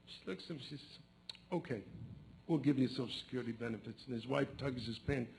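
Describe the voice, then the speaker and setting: A man's voice: mid-range voice, fast talker, creaky, a little mellow, poor audio. A man telling jokes, switching into character voices for the punchlines. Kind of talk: joke telling. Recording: faint background noise.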